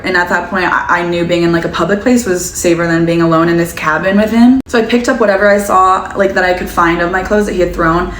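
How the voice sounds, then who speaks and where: A woman's voice: lowish voice, fairly even intonation, fast talker, few pauses, fairly bright tone. A young woman telling a personal story in a casual, chatty vlog style, full of "like" fillers. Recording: echoey room, faint background noise.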